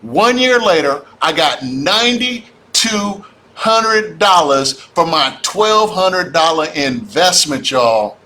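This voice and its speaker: A man's voice: on the high side, slow pace, slight background noise. A man giving a fired-up, preachy livestream talk about real estate, calling out to his audience. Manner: animated, preachy, addresses audience as y'all. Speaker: real estate investor speaker.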